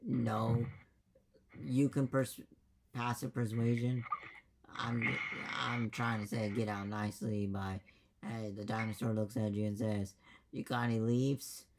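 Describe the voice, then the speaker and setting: Gravelly man, rambling. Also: medium pitch, little pitch movement, unhurried, darkish tone. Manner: rambling, emphatic, swears freely. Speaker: dungeon master. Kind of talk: casual post-game chat.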